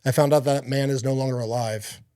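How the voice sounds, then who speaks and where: A man's voice: medium pitch, steady tone, a little fast, mellow, clean tone, dry recording, studio quality. A man speaking as a podcast guest, giving an earnest, rambling personal faith testimony with many fillers and restarts.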